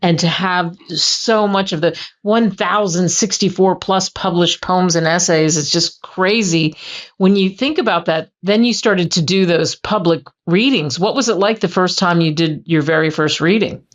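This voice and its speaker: A woman's voice: lowish voice, moderate pace. A woman hosting a radio interview, asking questions eagerly with a few fillers. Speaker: radio show host.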